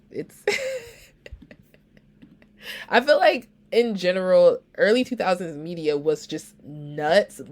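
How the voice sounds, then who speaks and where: A woman hosting a casual pop-culture commentary show, talking in a chatty, gossipy way full of "like" and "you know" and laughing at her own asides. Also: on the low side. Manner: laughs often, animated asides. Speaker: podcast host.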